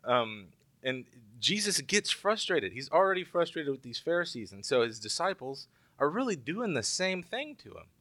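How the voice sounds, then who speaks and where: A man's voice: fairly high pitch, sing-song, moderate pace, bright, forceful tone, dry recording. A man preaching a sermon in a conversational way, with joking asides to the congregation. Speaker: pastor.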